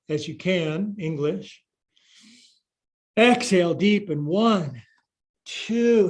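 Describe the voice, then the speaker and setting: A man's voice: high-pitched, a little mellow. Upbeat older man coaching a yoga class. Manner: upbeat, playful coaching cues, counting reps. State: out of breath at times. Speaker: yoga teacher. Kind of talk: live-streamed yoga class instruction.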